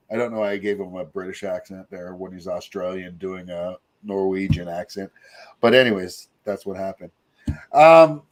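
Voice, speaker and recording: A middle-aged man, hosting a show in casual, rambling chat full of fillers and asides. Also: low voice. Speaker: podcast host.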